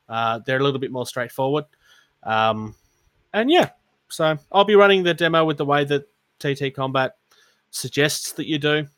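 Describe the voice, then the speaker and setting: An Australian man co-hosts a casual podcast chat about tabletop gaming, rambling, poking fun at himself and laughing often. His voice sits at medium pitch with a fairly bright tone, and there's no echo.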